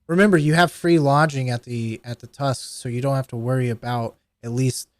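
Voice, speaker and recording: A man runs a tabletop game as game master, explaining rules in a relaxed, joking way. His voice sits at an everyday middle pitch. The mic is close and dry, with no room sound. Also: fairly quick, no echo. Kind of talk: running a tabletop game over voice chat.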